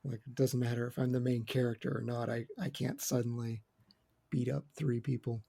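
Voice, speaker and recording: A man's voice: medium pitch, little pitch movement, moderate pace, creaky, dark tone, slightly rough. A man co-hosting a casual film podcast roundtable, chatty and opinionated with joking asides. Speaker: podcast co-host.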